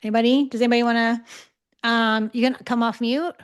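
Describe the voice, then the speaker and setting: A woman's voice: on the high side, steady tone, a little fast, clear, resonant tone. Chatty woman teaching an online class. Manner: conversational, checks in often with 'okay?'. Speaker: psychic development teacher. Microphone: video call.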